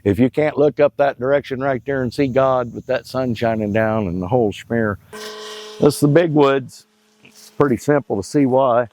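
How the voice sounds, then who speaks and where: A man's voice: mid-range voice, moderate pace, darkish tone, low-quality recording. Folksy joking middle-aged man outdoors. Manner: folksy, joking, rambling Southern talk. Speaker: hunting club owner. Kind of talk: casual outdoor vlog talk. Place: outdoors by a river in the woods.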